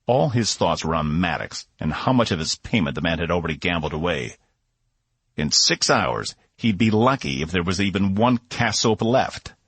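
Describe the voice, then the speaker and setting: Deep husky male audiobook narrator. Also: moderate pace, dry recording. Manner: expressive storytelling. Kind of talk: scripted narration.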